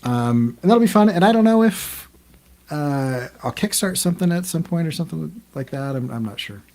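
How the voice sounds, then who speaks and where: A man's voice: a little high, animated, normal speed, darkish tone. A man co-hosting a podcast in casual group chat, talking in a rambling way with many ums and restarts. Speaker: podcast co-host.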